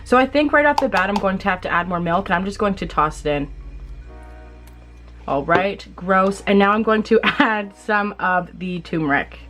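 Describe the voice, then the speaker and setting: A woman's voice: medium pitch, lively intonation, normal speed, a bit bright, faint music behind. A young woman vlogging a casual DIY beauty tutorial at home, chatty, laughing at herself and swearing casually.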